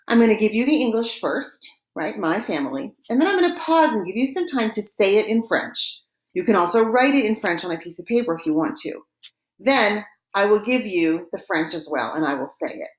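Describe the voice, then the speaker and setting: A woman teaching a recorded vocabulary lesson, patiently giving each word and repeating it slowly for practice. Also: medium pitch, sing-song, roomy sound. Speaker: French teacher.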